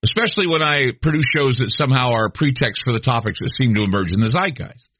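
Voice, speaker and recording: A man's voice: mid-range voice, expressive, fast talker, a bit bright, husky, dry recording, highs cut off. A middle-aged man hosting a late-night radio talk show, musing in a rambling, conversational way with many restarts.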